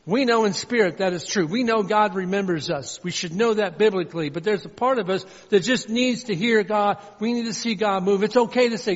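A man preaching with a high, ringing voice that carries through a long-echoing sanctuary. He is fervent and repetitive, often slipping into the words of a prayer as he speaks. The sound is dull and muffled, like an older church recording. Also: brisk, hardly any pauses. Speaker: pastor. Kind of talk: sermon. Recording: dull, reverberant hall sound.

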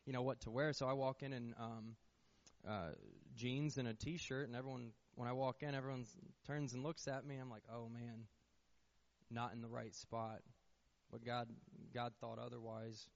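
A man's voice: medium pitch, fairly even intonation, normal speed, gravelly. Young man, earnest testimony speaker, faltering repeats, mid-range voice, slightly muffled lo-fi recording. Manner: earnest storytelling, frequent restarts and repeated words. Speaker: church member giving testimony. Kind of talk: personal testimony told to a congregation. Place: church sanctuary.

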